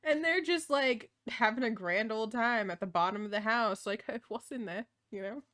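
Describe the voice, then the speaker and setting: A woman's voice: fairly high pitch, moderate pace, a bit bright. Laughing, swearing woman. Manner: laughs often, swears freely. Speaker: podcast co-host. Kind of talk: casual chat.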